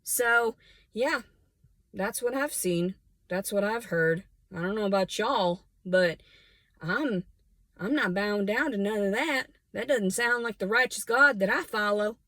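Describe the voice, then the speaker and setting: A woman's voice: mid-range voice, measured pace, fairly bright tone, no echo. Angry, defiant woman. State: hot and sweating. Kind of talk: impassioned monologue to camera.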